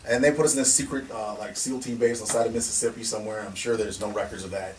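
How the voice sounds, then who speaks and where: The founder of a security company tells stories in casual conversation, animated and laughing, often restarting and acting out what people said. His voice is lowish and rapid-fire, picked up by a distant mic with faint noise.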